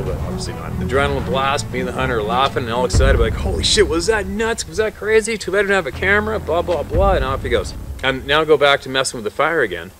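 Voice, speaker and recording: A man working as a hunting guide, telling a story in an animated way, swearing often and repeating himself. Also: mid-range voice. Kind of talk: excited outdoor storytelling.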